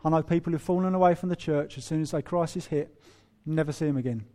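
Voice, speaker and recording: A man preaching a sermon in a humorous, animated way, acting out quoted voices. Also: a little high, fast. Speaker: pastor.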